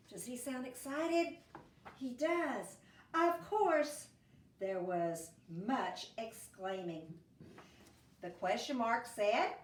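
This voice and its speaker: A woman first grade teacher reading a picture book aloud to children, with animated, expressive voices. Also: fairly high pitch, slow, roomy sound, far from the mic.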